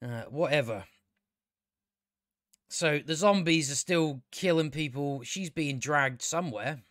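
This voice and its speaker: A man's voice: on the high side, lively intonation, slow, pauses often, a bit bright, no echo. Sarcastic man with a dry sound. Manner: sarcastic and exasperated, swears often. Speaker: TV show reviewer. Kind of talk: casual spoken review.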